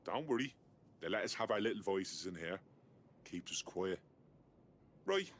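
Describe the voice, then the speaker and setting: An actor playing a weary, jaded detainee with a British accent, talking in a gruff, bitter, confiding way. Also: male voice, sits low, expressive, unhurried, a bit bright, a little hiss or hum.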